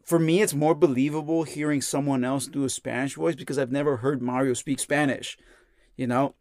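A man's voice: medium pitch, steady tone, a little fast, a little mellow, no room sound, studio quality. A young man co-hosting a gaming podcast, thinking aloud in casual chat with hedges and restarts. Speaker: podcast co-host.

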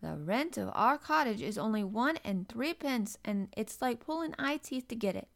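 A woman's voice: a little high, animated, moderate pace, creaky, voice pushed up. A woman voicing a blunt, cheerful young housemaid with a broad Yorkshire accent, talking in hearty dialect.

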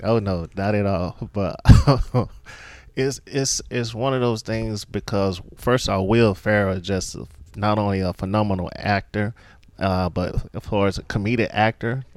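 A man's voice: fairly low pitch, a little slow, dry recording. A man talking casually about a movie he loves, laughing often and acting out favorite lines. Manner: animated, laughs often, acts out quotes. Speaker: guest.

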